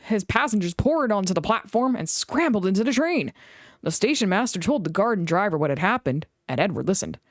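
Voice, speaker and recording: A woman reading a children's storybook aloud in an expressive way. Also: mid-range voice, a little fast, no echo, clean studio sound. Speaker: reader.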